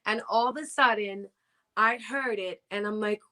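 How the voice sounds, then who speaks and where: A middle-aged woman, a guest singer, chatting in an interview over a video call and telling stories with animated, acted-out quotes. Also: mid-range voice, moderate pace. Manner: animated, acts out quoted voices with big jumps. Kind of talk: casual interview storytelling.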